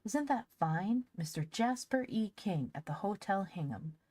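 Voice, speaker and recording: Lady reading as an excitable little girl, lifted a bit above her low voice, dry close sound. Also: unhurried, breathy edge, dry recording. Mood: excited. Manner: earnest and excitable. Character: eager, chatty young girl. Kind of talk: audiobook character voice.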